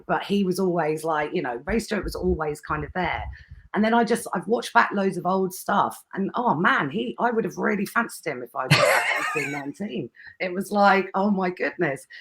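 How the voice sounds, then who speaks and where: A woman's voice: lowish voice, fairly bright tone. A woman, chatting as a podcast guest, rambling with fillers and laughing often. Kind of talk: casual chat.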